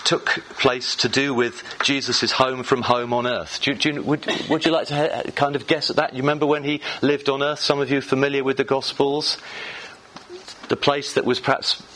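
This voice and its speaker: A man's voice: mid-range voice, level tone, normal speed, a bit bright, a little hiss or hum, rough recording. A man preaching a sermon in church, reading scripture and talking to the congregation in a loose, conversational way with fillers and restarts.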